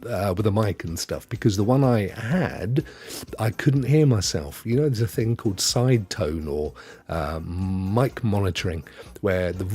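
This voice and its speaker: A man from the United Kingdom hosts a gaming show alone, chatting to his live-stream audience in a rambling, chuckling way. His voice is lowish, a little mellow and husky, picked up on a headset mic.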